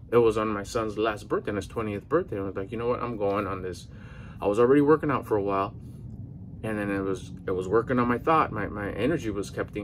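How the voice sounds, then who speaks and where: Guy in his 40s kinda out of breath, rambling earnest pep talk w slang, faint room hum behind. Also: on the low side. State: a little out of breath. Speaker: vlogger. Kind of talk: casual motivational talk to camera.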